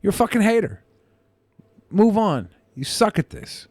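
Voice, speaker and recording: High-voiced swearing male podcast host. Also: big pitch swings, measured pace, no room sound, clean studio sound. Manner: profane, ranting. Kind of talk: casual chat.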